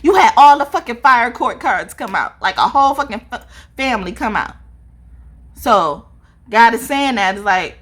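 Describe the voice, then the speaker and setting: A woman giving a casual spiritual tarot card reading, talking in an animated, profane way and laughing often. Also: a little high, normal speed. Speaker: tarot reader.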